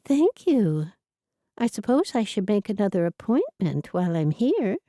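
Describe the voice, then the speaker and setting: A woman's voice: medium pitch, sing-song, a little slow, dark tone, no room sound, clean studio sound, voice pushed up. A woman voicing an elderly Amish widow, talking in an earnest, plaintive way. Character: elderly Amish widow, flustered but stubborn.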